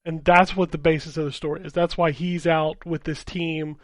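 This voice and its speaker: Casual, profane podcast man, slightly high voice. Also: flat delivery, moderate pace, no room sound. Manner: casual, profane, explains plots plainly. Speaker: podcast co-host. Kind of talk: casual gaming podcast chat.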